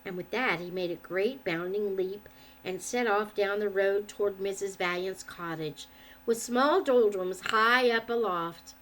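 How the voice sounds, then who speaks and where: A woman reading a children's book aloud in an expressive, measured way. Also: mid-range voice, slight background noise. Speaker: storyteller.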